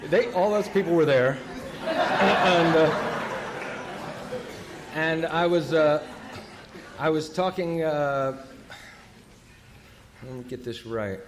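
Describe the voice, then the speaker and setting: A man speaking at a recovery meeting, telling a story in a halting way, full of fillers and self-corrections, with wry self-deprecating humor. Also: on the high side, background noise.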